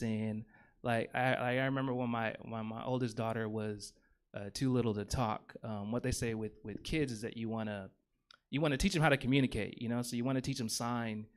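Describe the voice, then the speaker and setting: A man's voice: mid-range voice, clean tone. A man in his thirties performs stand-up on a comedy theater stage, speaking into a handheld mic. His delivery rambles, with constant ums and likes and self-mocking asides about his own long setups. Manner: rambling, filler-heavy, self-deprecating.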